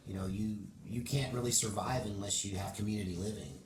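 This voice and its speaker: A man's voice: fairly low pitch, fairly even intonation, fairly quick. A middle-aged man with a Texas accent, a band member chatting folksily in an interview, with many fillers. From Oregon. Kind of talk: casual interview chat. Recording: echoey room with crowd noise.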